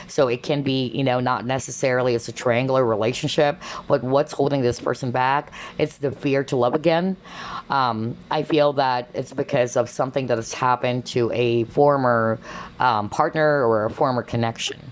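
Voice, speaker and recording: Low-voiced woman giving a tarot reading. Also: steady tone, normal speed, a little hiss or hum. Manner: chatty, exclaims often, many fillers. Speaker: tarot reader. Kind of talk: collective tarot reading to camera.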